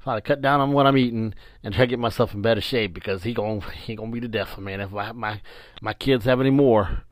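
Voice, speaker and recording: Low-voiced laughing grandfather in his forties. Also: fast, no echo. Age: 40s. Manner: animated, laughs often while telling. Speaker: vlogger. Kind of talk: casual storytelling. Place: lying on a bedroom floor indoors.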